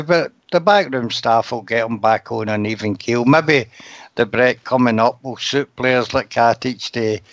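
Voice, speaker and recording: A man co-hosting a fan radio show, relaxed and matter-of-fact. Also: mid-range voice, no room sound. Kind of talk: casual radio chat. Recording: dry muffled stream audio.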